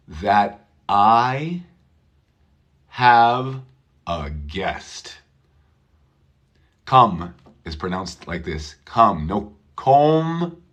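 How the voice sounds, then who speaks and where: A man teaching English pronunciation, who patiently repeats words and switches to Spanish for his learners. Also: fairly low pitch.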